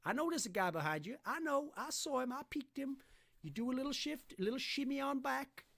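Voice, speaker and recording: Man doing a goofy Southern American game analyst, high-pitched, drawled and cocky. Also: lively intonation, vocal fry, fairly bright tone, full character voice. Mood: drawling boastful. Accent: mock Southern American drawl. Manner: slow drawl, over-the-top folksy boasting.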